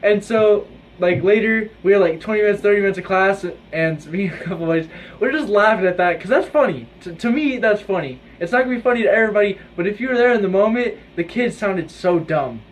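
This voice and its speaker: A man's voice: high-pitched, quick pace, slight background noise. A teenage boy vlogging to camera about his school day, rambling with lots of "like" and laughing through his stories. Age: teens. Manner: rambling, many "like"s, laughs while telling stories. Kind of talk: casual chat to camera. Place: indoors with his own video light.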